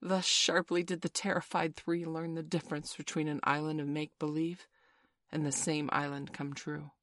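A woman narrating a storybook in a measured, expressive reading. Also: sits low, no echo, clean studio sound. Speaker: audiobook narrator.

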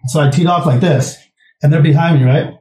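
A man's voice: on the high side, a little fast, darkish tone, far from the mic. A young man co-hosting a podcast in casual chat, a rambling storyteller who swears freely. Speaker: podcast co-host. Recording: echoey room, off-mic.

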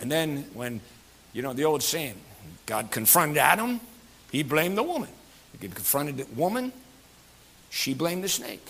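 A man pastor preaching a sermon in a folksy, joking way with many fillers, going from quiet asides to loud emphatic passages. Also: fairly high pitch, very animated, unhurried, long pauses, slight background noise.

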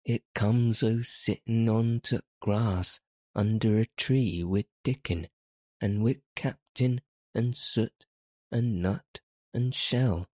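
A cheeky girl lays on a broad Yorkshire dialect, proud of every word, as a man reads her part. Her lines come slowly and sit low, in a close, dry storybook reading. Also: darkish tone, dry recording. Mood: wondering. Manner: broad dialect, teasing and triumphant.

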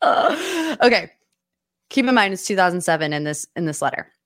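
A woman's voice: medium pitch, very animated, a bit bright, dry recording. Chatty gushing woman podcast host, dry sound. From United States. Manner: chatty and gushing, with quick asides and laughs. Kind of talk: casual chat. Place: studio office.

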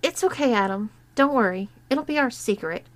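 A woman's voice: a little high, animated, normal speed, natural voice. A woman doing a sly, friendly teenage girl. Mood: teasing.

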